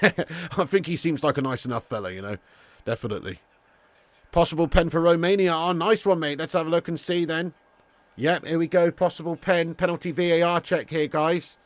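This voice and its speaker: A man hosts a live football watch-along, chatting casually and laddishly with viewers, calling them mate and lad, swearing freely and getting loud when goals go in. His voice is a little high and fairly quick, with no room sound.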